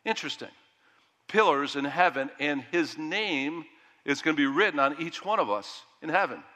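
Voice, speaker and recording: A middle-aged man preaching a sermon with animated delivery, rising loud and dropping to a hush. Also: a little high, normal speed, big-room sound. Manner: animated preaching that rises loud and drops to hushed. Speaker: pastor.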